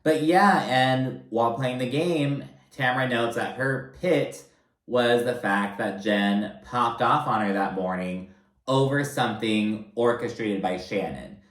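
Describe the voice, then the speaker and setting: A man's voice: mid-range voice, measured pace, fairly bright tone, echoey room, poor audio. A man giving a casual recap of a reality TV episode, blunt, profane and sarcastic in his asides.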